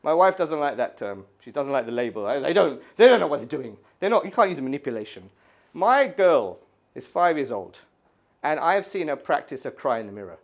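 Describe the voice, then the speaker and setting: A man in his thirties from the UK doing an animated stand-up set in a gallery, acting out voices and screaming kids. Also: on the high side, a little fast. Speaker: stand-up comedian. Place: art gallery before a live audience. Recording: live room with audience laughter.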